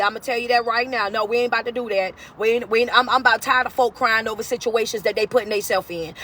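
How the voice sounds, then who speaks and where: High-voiced blunt woman coach on a livestream. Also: fairly bright tone. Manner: blunt, direct, preachy. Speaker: motivational speaker and life coach. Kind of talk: livestream talk to viewers.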